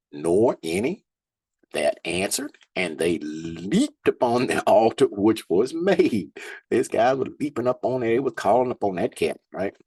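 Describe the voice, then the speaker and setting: A man's voice: fairly low pitch, a little mellow, breathy edge, no room sound. A man, a Bible teacher, reads scripture aloud and breaks in with slangy, laughing asides between verses. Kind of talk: scripture reading with casual commentary.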